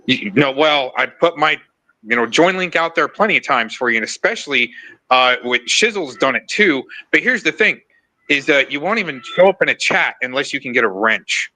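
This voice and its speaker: A man's voice: medium pitch, animated, moderate pace, sharp tone, low-quality recording. A man on a livestream panel, confronting and accusing the host in a heated argument.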